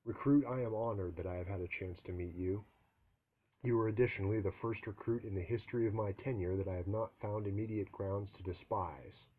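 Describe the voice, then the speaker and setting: A man doing a gruff, foul-mouthed drill sergeant. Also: on the low side, poor audio. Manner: barking, profane, forceful delivery.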